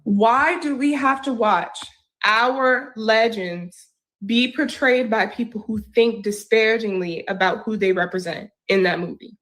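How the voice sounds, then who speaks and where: A woman giving opinionated news commentary, indignant and forceful. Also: fairly high pitch, a little slow. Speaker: co-host.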